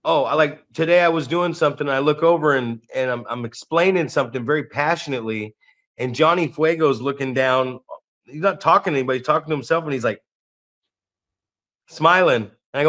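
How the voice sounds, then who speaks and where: Blunt, profane man in animated chat. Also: a little high, fairly quick. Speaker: podcast co-host and wrestling coach. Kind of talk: casual chat.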